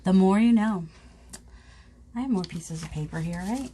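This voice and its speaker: A woman's voice: mid-range voice, moderate pace, long pauses, dark tone, a little hiss or hum, poor audio. A woman chatting casually to viewers in a crafting vlog, rambling and self-mocking while she works at her table. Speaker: craft vlogger.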